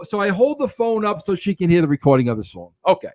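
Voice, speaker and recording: A middle-aged man hosting a podcast, telling a story in an animated, self-mocking way with stammering restarts. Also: high voice, quick pace, dry recording. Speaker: podcast host. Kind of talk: casual storytelling monologue.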